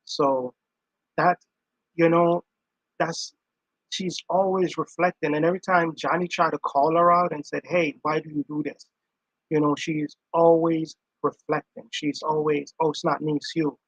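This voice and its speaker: A man's voice: on the high side, steady tone, unhurried, no room sound, low-quality recording. Earnest man in dry close commentary. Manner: repetitive, earnest, emphatic. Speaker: commentator reacting to clips. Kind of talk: casual reaction commentary.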